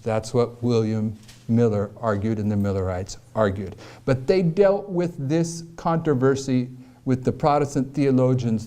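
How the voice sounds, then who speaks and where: A man's voice: medium pitch, dark tone. A man giving a prophecy lecture, explaining carefully with repeated questions and emphasis. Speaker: preacher.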